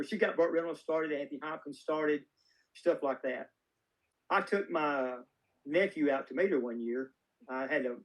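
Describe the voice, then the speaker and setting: A man's voice: on the high side, poor audio. Folksy man telling rambling stories. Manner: folksy, rambling anecdotes with many restarts. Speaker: filmmaker guest. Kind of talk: casual interview storytelling.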